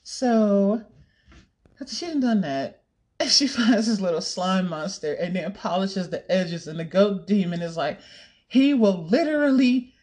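A woman's voice: fairly low pitch, unhurried, darkish tone. A young woman chatting casually to camera, rambling, giggling and swearing now and then. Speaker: vlogger. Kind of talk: casual chat.

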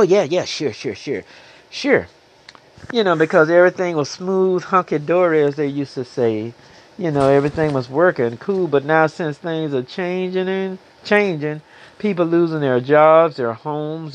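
A man preaching a sermon, now and then clearing his throat and singing slow gospel lines. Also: high-pitched, darkish tone, lo-fi sound. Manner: preaching, breaks into slow gospel singing, calls listeners beloveds. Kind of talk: sermon with sung gospel passages.

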